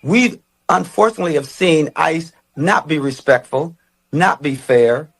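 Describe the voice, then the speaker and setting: Measured man giving a public statement. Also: on the high side, animated, vocal fry, breathy edge. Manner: measured, formal, halting fillers. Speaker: public official speaking to press.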